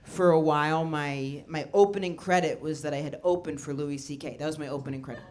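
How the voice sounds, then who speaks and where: A woman comedian performing a stand-up set, telling stories in a deadpan way and acting out the people in them. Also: sits low, brisk, slight background noise. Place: comedy show before a laughing audience. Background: audience laughter.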